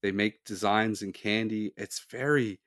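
A man's voice: fairly low pitch, fairly even intonation, measured pace, a bit bright. A man from Canada co-hosting a podcast in casual chat, joking and laughing often. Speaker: podcast co-host.

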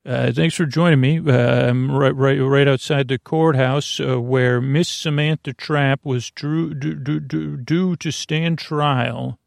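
A man's voice: mid-range voice, steady tone, takes it slowly, creaky, few pauses, no room sound, studio quality. A man voicing a bumbling male news reporter who rambles and corrects himself on air. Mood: flustered. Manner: rambling, self-correcting newsreader patter.

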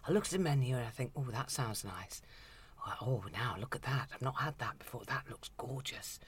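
A woman hosting a chatty radio conversation, theatrical and playful, often dropping to a hush for asides. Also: rumbling low, animated, fairly quick, slight background noise.

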